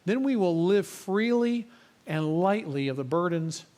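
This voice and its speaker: A man preaching a sermon as a church pastor, earnest, dropping his voice to a hush for the quiet lines. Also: sits high, lively intonation, measured pace. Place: church sanctuary.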